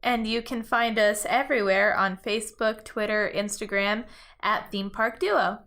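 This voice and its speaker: A young woman co-hosting a casual podcast, giggly and playful in quick banter. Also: mid-range voice, fairly even intonation, fairly bright tone. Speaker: podcast co-host.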